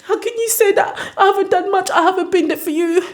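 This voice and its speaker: A woman's voice: on the low side, little pitch movement, moderate pace, voice pushed down, natural voice. A woman voicing a tearful young man who protests through sobs that he has done enough. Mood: crying, pleading. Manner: whiny, sobbing protests. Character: tearful young man pleading with his partner.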